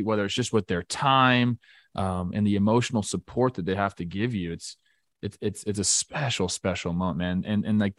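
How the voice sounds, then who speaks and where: A former pro baseball player, a man talking sports in a relaxed, halting way. His voice is lowish, and the sound is dry and close. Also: no echo. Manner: relaxed, halting, many restarts. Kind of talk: casual sports talk.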